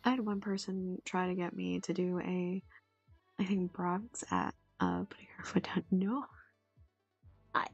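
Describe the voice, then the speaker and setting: A young woman with a husky, gravelly voice chats loosely on a stream, wandering between thoughts with plenty of fillers and the odd curse word. The audio is dull and lo-fi, with faint music underneath. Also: medium pitch, lively intonation, normal speed, darkish tone, dry recording. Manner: rambling, swears casually, many fillers. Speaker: voice actor streamer. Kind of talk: casual stream chat.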